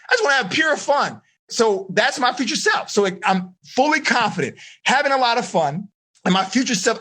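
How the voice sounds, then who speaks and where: Lively, husky-voiced man coaching teens. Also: high voice. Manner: energetic, slangy, talks straight to the kids. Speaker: life coach. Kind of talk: live online coaching seminar for teens.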